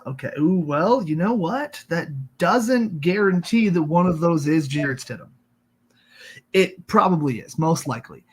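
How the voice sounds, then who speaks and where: Co-host type, male, slightly high husky voice, loose and jokey, rambles through football talk. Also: lively intonation, measured pace. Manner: joking, rambling with fillers. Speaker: podcast co-host. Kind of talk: casual sports chat.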